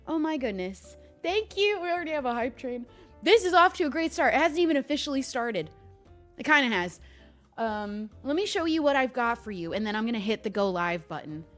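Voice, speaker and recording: A young woman chatting casually on a livestream, bubbly and thanking viewers by name. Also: a little high. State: hiccuping. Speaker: streamer.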